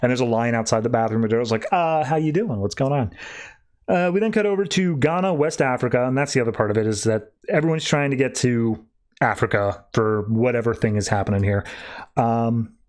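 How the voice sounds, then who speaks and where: A man hosting a podcast, giving a casual comic book review with an animated recap. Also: medium pitch, fairly quick. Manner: animated recap, acting out character lines. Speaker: podcast host.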